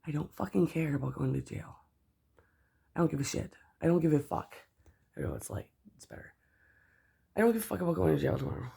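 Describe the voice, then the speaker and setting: A woman's voice: vocal fry, breathy edge. A furious, foul-mouthed mother venting. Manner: heated, profane, swears constantly; voice spikes up loud, then drops low. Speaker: mother venting about another parent. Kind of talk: angry rant vlog.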